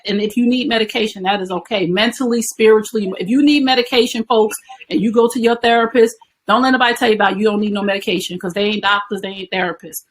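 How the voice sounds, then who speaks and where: A woman guest speaks in a mid-pitched voice, explaining like a teacher. She asks rhetorical questions and keeps checking in with "right?". There is faint noise in the background. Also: fairly even intonation, fast talker, poor audio. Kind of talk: conversational interview.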